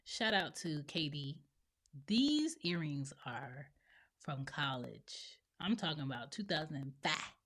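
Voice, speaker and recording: A woman's voice: deep voice, very animated, slow pace, a bit bright. A woman around forty hosting a podcast, talking bluntly and opinionatedly on her own and acting out other people's lines. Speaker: podcast host and mother. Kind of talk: solo opinion monologue.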